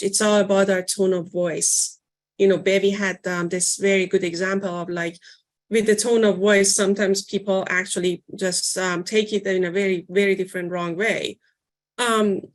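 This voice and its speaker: Woman presenter talking through a workshop. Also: mid-range voice. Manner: conversational, searching for words with frequent fillers. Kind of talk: informal teaching talk.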